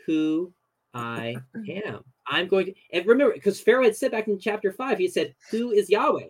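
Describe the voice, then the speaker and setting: A young man, a guest on a podcast, telling a story in a casual, animated way with lots of fillers. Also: sits high, normal speed, low-quality recording.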